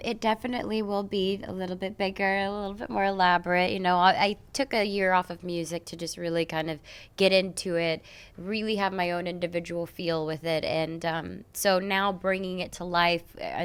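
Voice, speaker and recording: A young woman guest in a relaxed radio interview, with a lowish, smooth and clear voice. She speaks softly and giggles easily. Her sentences often fade away into a quiet murmur. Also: moderate pace. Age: young adult. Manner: giggly, soft-spoken, trails off quietly. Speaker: guest singer. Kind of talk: casual interview chat.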